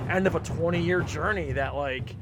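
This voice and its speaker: A man chatting casually, halting and trailing off often as he talks. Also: fairly high pitch. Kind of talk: casual chat.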